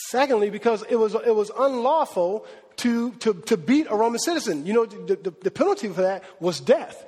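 A man delivers a casual, energetic sermon, slipping into slang and acting out the people in the story. His voice sits high and slightly husky, with long reverb from the hall around him. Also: brisk. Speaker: preacher. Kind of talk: lively conversational sermon.

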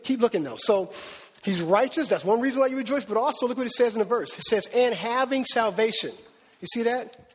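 A man preaching a sermon with animated, emphatic delivery, repeating words for stress. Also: high-pitched, husky. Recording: long hall reverb.

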